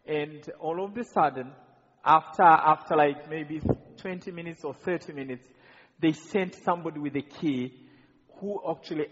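A high, husky male voice from Rwanda preaches his testimony earnestly, tripping over repeated words. It is captured in a big church hall with a long, ringing reverb and a muffled, dull sound. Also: normal speed, a bit bright. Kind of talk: sermon testimony to a congregation.

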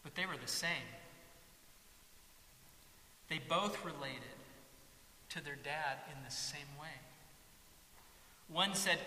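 A man preaching a sermon, telling a story in an animated way. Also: on the high side, slow pace, long pauses. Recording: echoey hall with faint hiss.

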